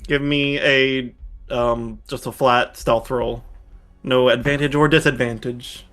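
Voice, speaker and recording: A man's voice: mid-range voice, steady tone, slow, a bit bright. A man narrating as game master of a tabletop game, talking loosely with hesitations. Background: faint background music.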